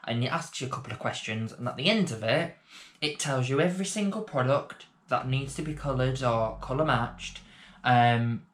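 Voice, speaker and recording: Rambling through a makeup tutorial for beginners, a man vlogs in a relaxed, chatty style and drops self-deprecating asides. He speaks at a moderate pace with a medium-pitched voice.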